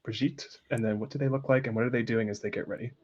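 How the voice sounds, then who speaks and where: A man's voice: mid-range voice, steady tone, quick pace, darkish tone. A man running a tabletop game as game master, prompting the players with easygoing questions. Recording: dull lo-fi mic.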